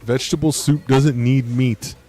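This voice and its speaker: A brash male streamer in loose live-stream chat, arguing hard, swearing, and tossing in bro and dude. His voice sits at an ordinary middle pitch. Faint music runs under him. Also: fairly even intonation, measured pace, mellow.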